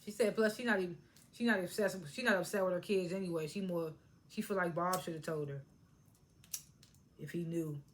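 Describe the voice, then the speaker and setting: A woman hosting a casual recap of a reality TV episode, talking in an excitable, slangy way and often restarting her sentences. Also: on the low side, fairly quick, long pauses, a little hiss or hum. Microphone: tablet propped on a charger.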